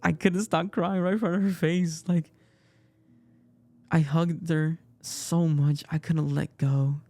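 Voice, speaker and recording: Young guy, gravelly warm voice, telling an emotional story all halting and repetitive. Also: on the high side, little pitch movement, no room sound. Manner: emotional, halting retelling with many repeats. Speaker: casting participant. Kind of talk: personal storytelling.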